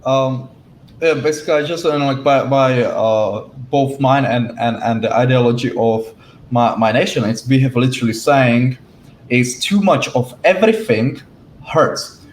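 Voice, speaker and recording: A man talks through a casual discussion in a halting way, full of fillers and restarts. His voice sits in an echoey room. A faint hiss runs underneath. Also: medium pitch.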